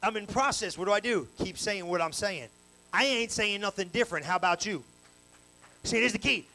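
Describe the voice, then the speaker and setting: High, bright-voiced fiery male preacher. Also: a little fast, low-quality recording. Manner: animated, colloquial preaching with call-and-response. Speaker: pastor. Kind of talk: live evening sermon. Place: church sanctuary, live service. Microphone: handheld microphone.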